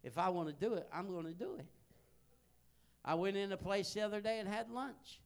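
A man, preaching a sermon as a folksy storyteller who grows loud and excited. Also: high voice, fairly quick, smooth. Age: 60s.

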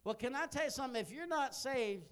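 Preacher, sixties, male, high voice; folksy sermon storyteller who builds to excited shouting. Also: quick pace, clear, resonant tone. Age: 60s.

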